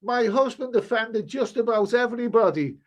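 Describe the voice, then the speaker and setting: A man putting on the voice of an elderly queen giving a stately, slow Christmas address. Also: expressive, muffled recording. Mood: mock-regal. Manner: shrill, slow and declaiming.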